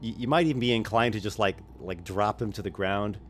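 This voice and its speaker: Male game master, low voice, halting narration, faint background noise. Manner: halting, with frequent restarts and soft laughs.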